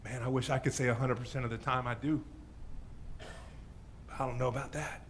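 A male pastor preaching a sermon in church, telling the story dramatically, swinging from loud bursts to hushed asides. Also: medium pitch, fairly quick, long pauses, a little hiss or hum. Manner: animated storyteller, dropping to hushes.

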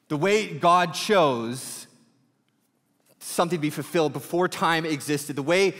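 A male pastor preaching a sermon in a conversational, storytelling way, full of quick asides. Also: on the high side, fairly bright tone, in a large hall.

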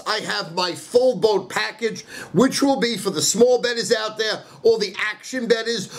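Brief: loud, foul-mouthed New handicapper, very high-pitched man, rant then hard sell. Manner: loud, profane, ranting. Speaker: sports handicapper. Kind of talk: profane comedic rant and sales pitch.

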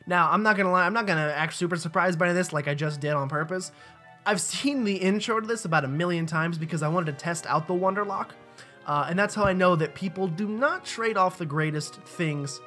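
A man's voice: fairly high pitch, sharp tone. A young man casually commentating a video game, rambling and joking as he explains rules. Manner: rambling, joking, lots of fillers. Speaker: let's play gamer.

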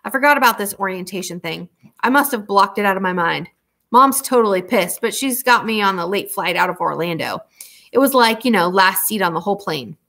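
A woman's voice: medium pitch, lively intonation, brisk, creaky, bright, forceful tone, exaggerated voice. A woman reading a story aloud, voicing a breezy, slangy, defensive teenage girl. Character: sassy chatty teenage girl cousin.

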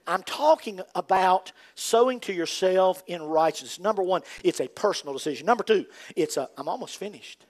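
An older man with a Southern accent from North Carolina preaching a fervent sermon, swinging from loud emphatic rises to quiet asides. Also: sits high, sing-song, moderate pace. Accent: Southern American. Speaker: pastor.

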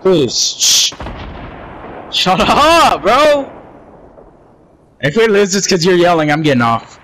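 A man's voice: fairly high pitch, expressive, moderate pace, a bit bright. A young man playing a shooter game, giving urgent, bossy callouts and shushing his teammates. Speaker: gamer. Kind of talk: live gameplay callouts.

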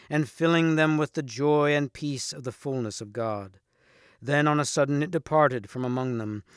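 A man reading a storybook aloud in a measured, expressive way. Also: mid-range voice, no echo, studio quality. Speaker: reader.

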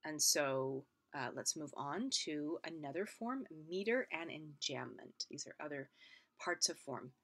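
A woman teacher giving a recorded lecture, explaining step by step and often checking in with "right?", sometimes dropping to a soft, airy voice. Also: low-pitched, lively intonation, unhurried. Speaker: literature teacher.

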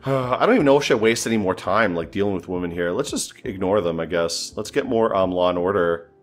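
A man's voice: low-pitched, expressive, quick pace, faint music behind. Man doing joking gameplay commentary. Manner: joking, exasperated, thinking aloud. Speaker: gameplay streamer.

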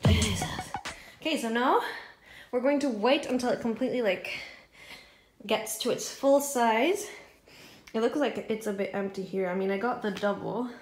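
An excitable young woman in her twenties chats to her phone camera in a casual vlog, her talk full of "like" and small laughs. She is filming in a bare, empty flat, so her voice carries a slight room echo. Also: on the high side, moderate pace, long pauses, faint music behind. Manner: chatty, excitable, filler-heavy with frequent laughs. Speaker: vlogger. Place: empty echoey flat indoors.

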